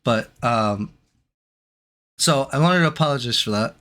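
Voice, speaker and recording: A man speaking on a stream, apologizing in a halting, unsure way. He restarts his sentences and fills pauses with ums and uhs. His voice sits at a middle pitch for a man. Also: expressive, a bit bright. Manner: hesitant, halting, many restarts and fillers.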